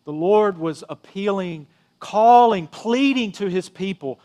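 High-voiced pastor preaching conversationally. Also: male voice, lively intonation, a little slow, dark tone. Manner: conversational preaching, rising and dropping emphasis, frequent "you know". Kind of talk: sermon.

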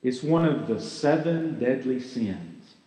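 A man's voice: mid-range voice, animated, slow pace, dark tone, echoey room, long reverb tail, low-quality recording. A man giving a sermon as pastor, earnest and conversational, asking his listeners rhetorical questions.

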